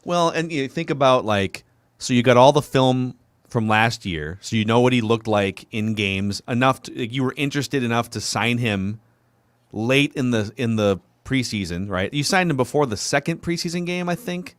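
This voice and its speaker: A man's voice: mid-range voice, moderate pace, smooth, no room sound. A man co-hosting a sports podcast, talking casually and thinking aloud with frequent questions. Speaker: podcast co-host.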